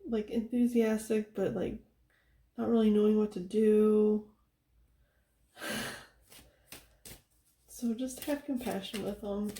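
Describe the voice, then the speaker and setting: A young woman giving a casual tarot reading, soft-spoken and chatty, laughing often and filling her talk with "like". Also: mid-range voice, fairly even intonation, slow pace, long pauses, reverberant. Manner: giggly, chatty, soft-spoken, with frequent fillers. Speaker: tarot reader.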